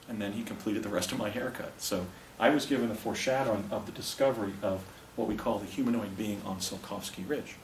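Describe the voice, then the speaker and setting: An older man giving a talk and recounting a personal story, with a rambling, halting delivery full of restarts. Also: fairly low pitch. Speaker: speaker presenting images to an audience. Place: presentation room with a projector. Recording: echoey room, distant mic, faint hiss.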